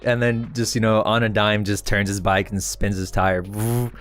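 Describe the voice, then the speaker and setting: A man's voice: lowish voice, level tone, normal speed, fairly bright tone, dry recording. Laughing man running the game. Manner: laughing often, voicing side characters in brief bursts. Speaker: game master. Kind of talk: narrating a tabletop game.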